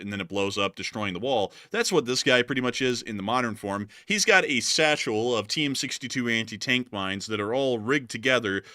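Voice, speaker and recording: Guy doing war news commentary over footage, bright voice, dry close mic, jokey. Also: medium pitch, no echo. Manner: joking, laughs often, explains as he goes.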